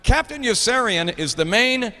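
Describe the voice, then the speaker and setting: A man's voice: extremely high pitch, lively intonation, normal speed, bright, forceful tone, big-room sound. A middle-aged man with an Oklahoma accent, hosting a live show in casual chat, laughing often as he reads out trivia.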